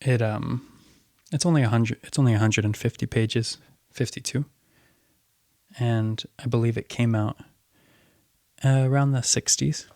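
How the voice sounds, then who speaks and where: A young man co-hosting a podcast, talking calmly and reassuringly to his friend. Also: mid-range voice, measured pace, long pauses, no echo, studio quality. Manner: calm, reassuring advice. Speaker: podcast co-host. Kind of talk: casual chat.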